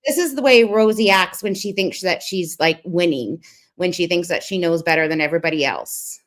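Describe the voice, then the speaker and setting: A woman's voice: fairly low pitch, expressive, fairly quick. A young woman hosting a stream, reacting to a clip with sarcastic, gossipy commentary and greeting her viewers. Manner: sarcastic and critical.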